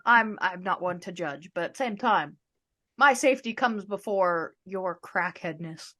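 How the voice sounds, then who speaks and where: A woman's voice: medium pitch, expressive, unhurried, bright, forceful tone. A woman co-hosting a podcast, reacting bluntly with exclamations in casual chat. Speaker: podcast co-host.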